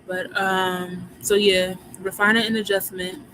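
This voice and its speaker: A Philadelphia woman with a strong Philly accent chats on her livestream, loose and slangy, speaking straight to her viewers at an everyday middle pitch. Steady background noise runs under her voice. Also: measured pace. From Philadelphia, USA. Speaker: livestream host. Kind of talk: casual livestream chat about moon phases.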